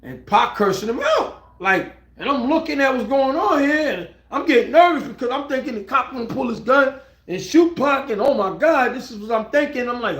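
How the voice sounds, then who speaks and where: A middle-aged man live-streaming a casual story, rambling and excitable, often restarting his words and swearing freely. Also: high-pitched, moderate pace. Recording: roomy echo.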